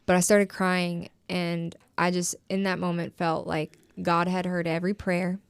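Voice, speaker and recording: A woman's voice: fairly low pitch, level tone, measured pace, gravelly, smooth, dry recording. A young woman sharing her personal recovery story as a podcast guest, emotional and full of "like" fillers. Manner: emotional, frequent "like" fillers, trailing phrases.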